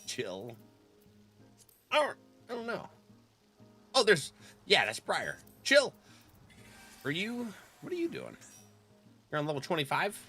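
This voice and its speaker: Brief: male game streamer, bright forceful tone, chatty, laughs a lot, faint music underneath. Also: fairly high pitch. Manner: chatty, laughs often, clears throat. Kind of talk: casual live-stream chat.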